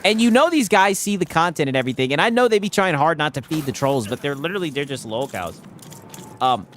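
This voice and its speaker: A man streaming and chatting, with a lively voice that swings widely in pitch, pitched a little high for a man. He laughs often and swears freely as he tells his stories. Faint noise sits behind him. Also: fast. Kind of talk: casual stream chat.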